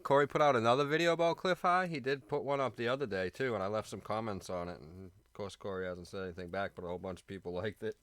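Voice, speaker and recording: A man's voice: fairly low pitch, fast, hardly any pauses, fairly bright tone, dry recording. A man co-hosting a live online show, chatting in a laid-back way and laughing easily. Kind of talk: casual chat on a live stream.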